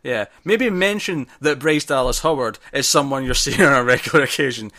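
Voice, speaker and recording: A man co-hosting a casual film discussion, animated and jumping in often, stumbling over his words as he talks. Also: mid-range voice, a little fast.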